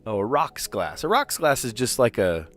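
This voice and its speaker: A man's voice: medium pitch, sing-song, normal speed, a bit bright, soft background music. A man chatting casually on a puzzle live stream, rambling and explaining where words come from. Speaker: streamer playing word puzzles.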